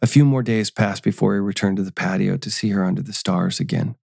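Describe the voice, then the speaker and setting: A man narrates a scripted story at a measured storytelling pace. His voice is low and gravelly with a dark, mellow tone. The recording is dry and close. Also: fairly even intonation, no echo.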